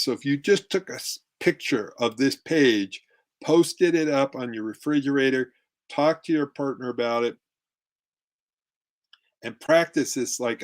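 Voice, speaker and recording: A middle-aged man giving a relationship workshop talk with slides, acting out tones of voice to make his points. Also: medium pitch. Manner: demonstrative, acts out tones of voice. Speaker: relationship coach.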